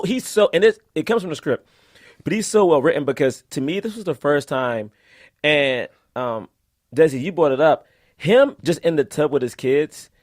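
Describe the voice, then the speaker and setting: Male podcast co-host, animated storyteller, slightly high voice, dry close recording. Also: no echo. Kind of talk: casual film discussion.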